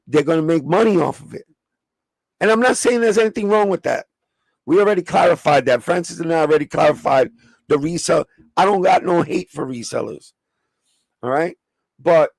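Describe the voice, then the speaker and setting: A man with a New York accent runs a loose, profanity-laced sneaker livestream and talks straight to his chat. His voice sits a little high and carries a gravelly edge. The sound is close and dry. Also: darkish tone, no echo. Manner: profane, streetwise, chatting with live viewers.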